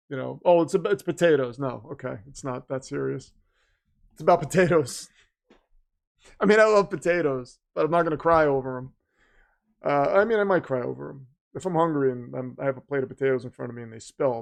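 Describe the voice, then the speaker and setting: A man with a slightly high, gravelly voice hosts a live stream, reacting to a football game and chatting with viewers. His casual commentary swings into announcer-style hype.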